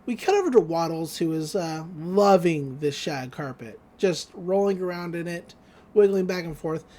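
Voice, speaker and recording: A woman co-hosting a podcast, retelling a cartoon episode in a chatty, wry way. She laughs often, and her pitch moves around a lot as she tells it. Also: lively intonation, moderate pace, warm tone. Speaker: podcast co-host. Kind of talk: casual episode recap.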